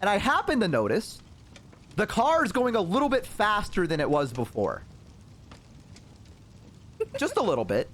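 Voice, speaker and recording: A male streamer with a slightly high voice tells a rambling personal anecdote. His pitch swings widely, and he drops in casual swearing and filler words as he goes. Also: moderate pace, long pauses. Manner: animated, profane, rambling with fillers. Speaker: VTuber streamer.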